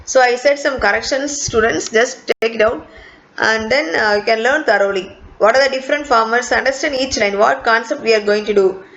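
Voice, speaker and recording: Higher-voiced woman teaching. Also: fairly quick, fairly bright tone. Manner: explains step by step, repeats key points, many fillers. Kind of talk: recorded online class lecture. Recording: dull lo-fi recording.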